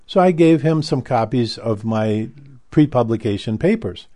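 An older man with a mid-range, animated, mellow voice recalls his past at a moderate pace. His storytelling is casual and rambling, with frequent stops and restarts.

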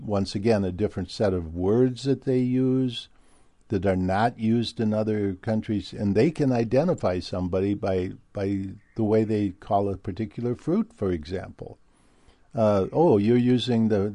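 A man's voice: on the low side, mellow, no room sound. A man from Minnesota with a Midwestern American accent, talking in a rambling casual monologue with many fillers and restarts.

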